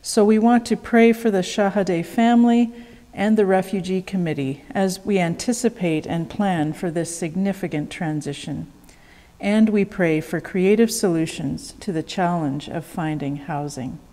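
A woman, a worship leader giving church announcements and leading prayer in a calm, measured way. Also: fairly low pitch, big-room sound. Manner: calm, measured, reads prayer responses slowly.

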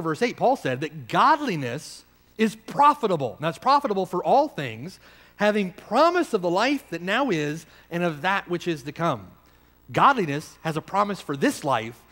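A man preaching an expository sermon, emphatic and slowing down to stress key phrases. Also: high-pitched, a bit bright. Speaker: pastor.

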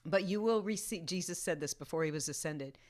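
A woman's voice: lowish voice, fairly quick. A woman leading a prayer meeting over a video call, reading scripture aloud and earnestly asking listeners direct questions.

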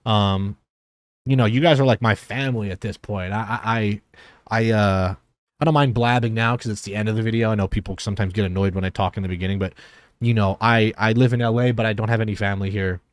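A man's voice: fairly low pitch, fairly even intonation, fast, dry recording, studio quality. A man from Philadelphia and New Jersey, a streamer and reaction host, talking to his viewers in a rambling, sincere way, with many fillers and restarts. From Philadelphia and New Jersey, USA. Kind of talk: casual heartfelt talk to viewers.

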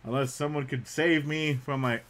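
A young man live-streaming a game, chatting casually, saying "man" often and breaking into loud yelps. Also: on the high side, steady tone, moderate pace. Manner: laid-back, says "man" a lot, bursts into loud yelps.

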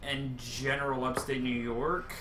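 A man playing a co-op game, giving quick directions and laughing along. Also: mid-range voice, a little hiss or hum. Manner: animated, bossy directions, laughing. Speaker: co-op gaming partner. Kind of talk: casual co-op gameplay chat. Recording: echoey room with game music.

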